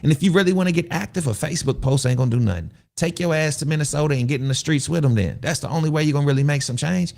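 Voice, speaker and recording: A man's voice: a little high, very fast, vocal fry, hardly any pauses, a little mellow. A man hosting a casual livestream, talking loosely, rambling, repeating himself and putting questions to his viewers. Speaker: show host.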